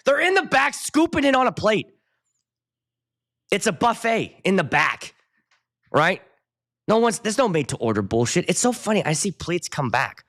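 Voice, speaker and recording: Dj guy ranting and swearing on his own show, slightly high voice, swings up and down a lot. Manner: profane, ranting, animated. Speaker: wedding DJ and show host. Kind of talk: casual ranting livestream chat.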